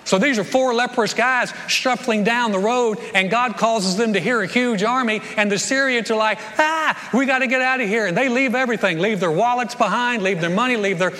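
A middle-aged male pastor preaching a sermon, telling the story in an animated way and repeating words as he goes. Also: high-pitched, brisk, few pauses. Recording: long reverb of a large church hall.

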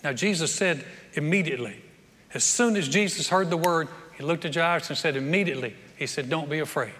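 Pastor guy preaching, folksy and jokey, bright voice, big reverby church hall. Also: fairly high pitch, brisk. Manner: folksy, joking, conversational preaching with acted quotes. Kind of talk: sermon.

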